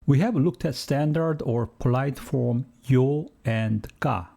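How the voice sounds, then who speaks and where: A man's voice: medium pitch, a little slow, creaky, warm tone. A man giving a scripted language lesson, explaining steadily with the odd joking aside. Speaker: language teacher.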